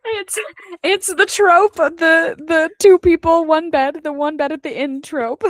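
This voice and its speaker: A woman co-hosting a book club podcast, reacting casually with quick comments and frequent laughs, swearing now and then. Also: extremely high pitch, fairly even intonation, no echo. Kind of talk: casual chat.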